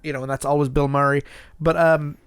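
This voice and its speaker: A fairly high-voiced man hosts a relaxed podcast, rambling through his points and often stumbling and repeating words. His voice sits close and dry, with no room sound around it. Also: a little fast, clean tone, no echo. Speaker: podcast host. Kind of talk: casual podcast chat.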